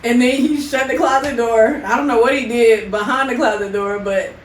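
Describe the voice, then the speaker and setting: A woman co-hosting a podcast, telling stories with her partner in a lively way and laughing often. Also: a little high, moderate pace. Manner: animated storytelling with frequent laughter. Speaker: podcast co-host. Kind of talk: casual couple chat. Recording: roomy, distant mic, faint noise.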